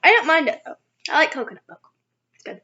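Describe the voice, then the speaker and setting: Young woman vlogger, giggly and rambling, bright high voice that jumps around. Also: very animated, fast. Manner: giggly, rambling, self-teasing. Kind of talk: casual eating vlog. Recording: dull lo-fi sound.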